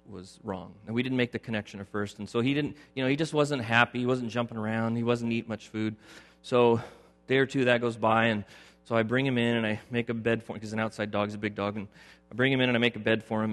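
A middle-aged male pastor preaching a sermon, moving from loud emphatic points to a quiet personal story. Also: fairly low pitch. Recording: long hall reverb with faint music.

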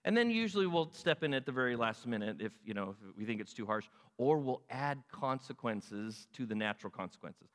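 A man preaching a sermon in an animated way, acting out God's words and asking his listeners questions. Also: medium pitch, fairly quick, hardly any pauses, long reverb tail. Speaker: pastor.

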